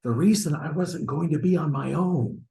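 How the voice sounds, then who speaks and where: A man's voice: fairly high pitch, moderate pace, gravelly, warm tone, low-quality recording. A man acting an online stage scene as a flustered husband hiding an affair, stammering and sheepish as he presses his friend. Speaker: acting student. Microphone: video call.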